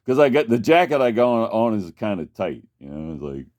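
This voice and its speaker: A man's voice: lowish voice, very animated, a little fast, a little mellow. A man casually telling a long personal story, rambling and profane, with many restarts. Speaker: vlogger.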